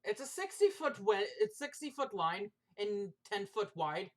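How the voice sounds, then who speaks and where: A woman playing a tabletop game in casual chat, quick and matter-of-fact, a little impatient. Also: mid-range voice, very animated. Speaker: player.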